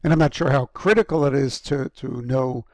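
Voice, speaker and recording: A man giving a recorded university lecture, halting with frequent ums and restarts and clearing an irritated throat often. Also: mid-range voice, dry recording. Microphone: close microphone.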